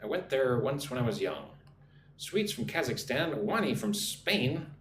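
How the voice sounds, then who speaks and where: Man teaching a lively English lesson. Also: medium pitch, measured pace. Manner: reads chat aloud, models answers, drills pronunciation. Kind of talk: live-streamed speaking lesson. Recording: roomy echo, faint background noise.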